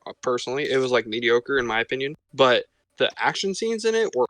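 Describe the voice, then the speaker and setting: A man's voice: medium pitch, sing-song, fast talker, fairly bright tone, no echo. A young man co-hosting a podcast, rambling casually and restarting his sentences. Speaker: podcast co-host. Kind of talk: casual chat.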